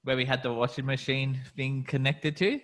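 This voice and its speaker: A man's voice: medium pitch, flat delivery, normal speed, fairly bright tone. A man with an Australian accent hosting a podcast in casual chat, laid-back and rambling with easy chuckles. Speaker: podcast host.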